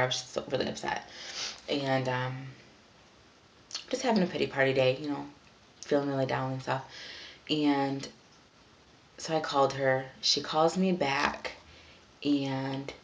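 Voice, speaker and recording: A woman's voice: rumbling low, little pitch movement, normal speed, pauses often. A young woman vlogging at home, venting in a frustrated, rambling way with lots of fillers. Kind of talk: casual vlog venting.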